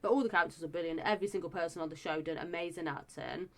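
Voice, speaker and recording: Gushing woman, slightly low voice. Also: very fast, a bit bright. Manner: chatty and gushing, many fillers and restarts. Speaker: show reviewer. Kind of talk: casual review chat.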